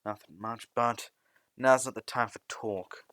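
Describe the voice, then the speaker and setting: A man voicing a lazy, grumpy teacher with a sleepy, deadpan way of talking, in a fan storybook reading. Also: mid-range voice, unhurried, a little hiss or hum, natural voice.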